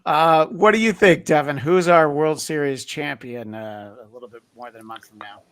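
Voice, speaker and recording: A man's voice: a little high, normal speed, fairly bright tone, dry recording. Guy hosting a sports podcast roundtable, lots of uhs, kinda dry close sound. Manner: rambling, many "uh" fillers. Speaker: podcast host. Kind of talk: casual sports chat.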